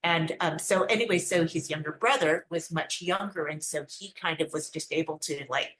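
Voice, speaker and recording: A woman's voice: low voice, steady tone, moderate pace, a bit bright. A woman guest in a podcast interview, telling family stories animatedly and acting out the voices she quotes. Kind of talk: conversational storytelling. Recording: roomy echo.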